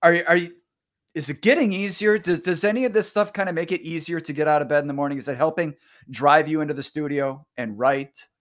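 A man's voice: fairly high pitch, brisk, a bit bright. A man hosting a podcast interview in a casual, chatty way, laughing easily and restarting his sentences. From Oklahoma. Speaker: podcast host.

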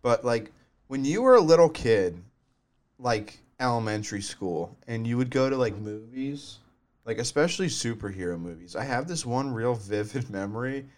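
A man's voice: mid-range voice, expressive, normal speed, darkish tone. A man in his twenties chatting casually, meandering through a story and swearing, calling his friend "dude". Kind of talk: casual chat.

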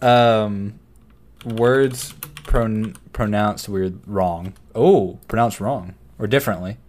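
A man's voice: lowish voice, takes it slowly, darkish tone. A young man co-hosting a casual podcast, teasing his friend, reading from a list and laughing often. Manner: reads aloud from a list. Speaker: podcast co-host. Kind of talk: casual chat.

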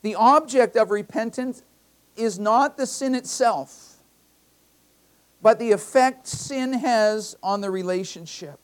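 Speaking slowly in a high voice, a man preaches a conversational sermon at church. He leans on personal anecdotes and drives points home by emphatically repeating key phrases.

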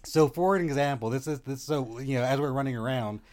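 A man's voice: mid-range voice, fairly quick, a little mellow. A man hosting a podcast, telling a long self-deprecating story in casual chat with lots of restarts. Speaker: podcast host.

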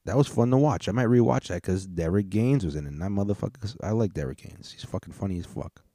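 A man with a lowish, mellow voice rants through a casual comedy podcast, cursing freely and rambling from one thought to the next. He is recorded close and dry. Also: expressive, fast talker, no echo. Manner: profane, rambling, with frequent restarts. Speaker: podcast host.

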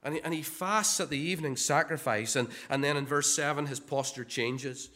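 A man's voice: on the high side, normal speed, pushed and bright. A man preaching a sermon in a conversational way, often repeating words and asking rhetorical questions.

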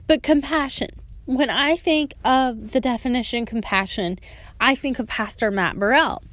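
Woman telling her church story real slow, earnest and heartfelt, kinda high voice. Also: fairly bright tone, no room sound. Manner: earnest and heartfelt, acts out remembered quotes. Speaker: churchgoer sharing a testimony. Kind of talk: personal testimony storytelling.

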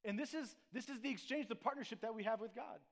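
A man with a high-pitched voice delivers a sermon as a pastor. He talks conversationally, checks in with the congregation, and restarts his phrases often. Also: fast. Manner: conversational preaching with frequent "right?" and restarts.

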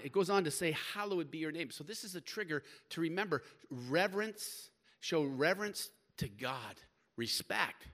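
A man preaching a sermon to young people, emphatic and conversational, swinging between loud stresses and quieter stretches, with casual slang. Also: on the high side. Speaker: pastor.

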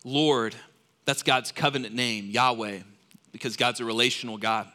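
A man preaching a sermon to a room of listeners, stressing key words loudly and then dropping to soft asides. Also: mid-range voice, fairly even intonation, moderate pace. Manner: emphatic, swings between loud stresses and soft asides.

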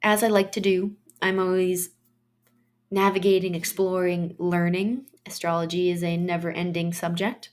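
A woman's voice: fairly low pitch, flat delivery, moderate pace. Chatty woman podcast host teaching astrology. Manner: chatty, personal storytelling with trailing phrases.

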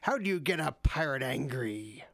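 A dad putting on a gravelly hammy pirate. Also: male voice, mid-range voice, lively intonation, normal speed, a bit bright, dry recording, studio quality. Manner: growling "arg" and "matey" while telling corny jokes. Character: gruff swaggering male pirate, hearty. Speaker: podcast co-host, the dad. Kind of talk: comedy podcast pirate voice.

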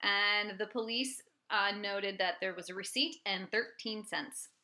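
A woman with a bright, clear voice tells a true-crime case to her co-host. Her delivery is chatty and loose, full of fillers and asides. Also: medium pitch, unhurried. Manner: chatty and animated, with lots of fillers. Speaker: podcast co-host and storyteller. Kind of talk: casual true-crime storytelling.

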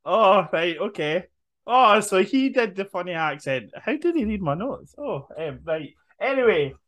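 A man's voice: sits high, big pitch swings, a little slow, fairly bright tone. A man co-hosting a casual podcast, laid-back and laughing often while recapping. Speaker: podcast co-host. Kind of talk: casual chat.

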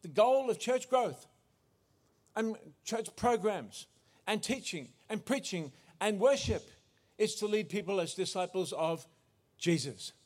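A man's voice: high-pitched, expressive, measured pace. A man preaching a sermon as pastor, earnest, often restarting and correcting himself.

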